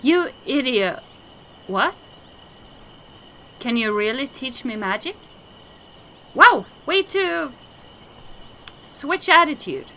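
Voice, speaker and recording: A fiery young apprentice girl, quick to anger and fiercely loyal to her teacher, scolding in a high, bright voice, as a woman acts her out. She takes her time with every angry word. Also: big pitch swings, exaggerated voice. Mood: surprised. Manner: indignant, scolding. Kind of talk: game dialogue voicing.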